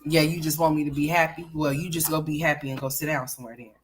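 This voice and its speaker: A woman's voice: low voice, fairly even intonation, fast, soft background music. A woman hosting a casual livestream, playfully scolding and teasing her young sons. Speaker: livestream host.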